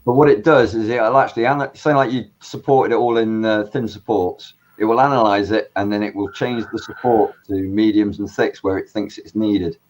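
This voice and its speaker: A man on a video call, calmly explaining practical technical tips. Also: on the low side, normal speed, few pauses, slight background noise. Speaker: guest. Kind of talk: casual video call chat.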